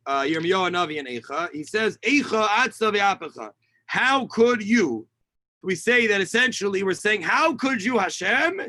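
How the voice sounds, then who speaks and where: Bright, pushed and sitting high, the man's voice has no echo. He's a rabbi teaching Tisha B'Av kinot online from home via a video call mic, peppering his reading, translation and explanation of the Hebrew lines with fillers.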